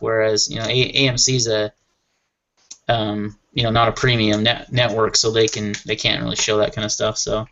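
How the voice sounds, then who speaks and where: A man's voice: medium pitch, a bit bright. Rambling, enthusiastic man on muffled audio. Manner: rambling, enthusiastic, laughs often. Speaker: panel member on a gear chat show. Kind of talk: casual chat.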